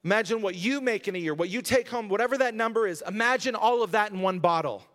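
A man's voice: sits high, quick pace, a bit bright. A male pastor giving a conversational sermon that builds to emphatic moments, recorded in a church sanctuary. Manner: conversational preaching, rising to emphatic. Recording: long hall reverb.

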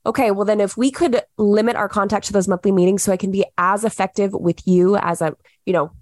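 Woman podcast host, young adult, animated casual advice, mid pitch, dry close sound. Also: fairly quick, no room sound. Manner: animated, acts out what she says to clients. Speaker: podcast host, wedding planner.

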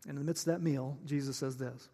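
A man's voice: medium pitch, fairly even intonation, fast talker, creaky, warm tone. A male pastor preaching a sermon in a chatty, joking way, often putting questions to his listeners. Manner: conversational and joking, asks the audience questions. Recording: long reverb of a large hall.

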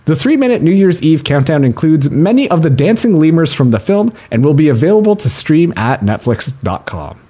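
A man's voice: fairly high pitch, very animated, a little fast, hardly any pauses, warm tone. A man hosting a comedy podcast, reading news articles aloud and joking with his co-hosts, including pretend phone calls. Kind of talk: casual comedy podcast chat.

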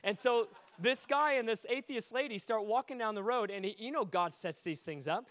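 A man with a high, light voice, preaching with fervent, animated storytelling. His delivery climbs toward near-shouting at the high points. The sound is close and dry. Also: normal speed, no echo. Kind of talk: sermon storytelling.

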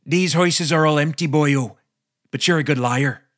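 A man's voice: on the high side, a little slow, fairly bright tone. A man doing a lilting thief. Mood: menacing. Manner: lilting, teasing, cursing. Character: menacing one-eyed Irish male thief, grinning, crude.

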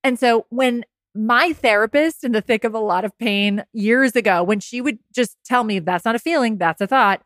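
In a casual, candid monologue, a woman podcast host coaches listeners through heartbreak, swearing occasionally and laughing at herself. Her voice is on the high side and a little bright. The studio-quality recording has no echo.

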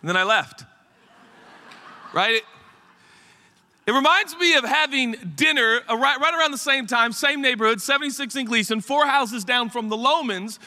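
A man's voice: extremely high pitch, normal speed, long pauses. A middle-aged man, a pastor, telling a rambling, funny story in a sermon to his congregation. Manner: animated and chatty, rambling asides to the congregation. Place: church sanctuary. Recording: long hall reverb.

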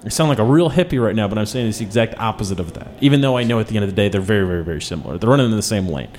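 A man's voice: lowish voice, expressive, racing, darkish tone. A man in his thirties from Chicago hosting a radio show in casual, joking, self-mocking chat. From Chicago, USA.

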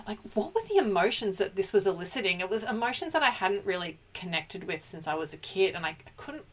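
A woman's voice: medium pitch, big pitch swings, brisk. A woman co-hosting a casual pop culture chat, emotional and chatty, often restarting her sentences. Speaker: podcast co-host.

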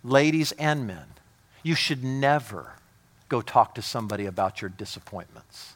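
A man preaching a sermon as a pastor. He talks with emphatic urgency that drops to hushed intimacy, repeating words when fired up. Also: mid-range voice, expressive, normal speed.

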